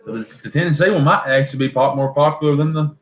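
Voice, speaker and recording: A man's voice: a little high, fast, echoey room, poor audio. A man with a Southern US accent hosting a casual livestream, folksy and rambling as he reads viewer comments. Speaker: livestream host.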